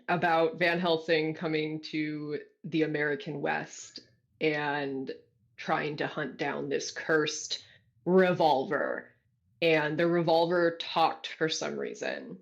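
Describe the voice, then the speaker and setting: An author from California talks over a video call, telling stories in an animated, self-deprecating way and laughing often. The audio sounds dull and lo-fi, with a middling voice. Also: mid-range voice, slow, vocal fry. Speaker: guest author. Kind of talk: casual interview storytelling.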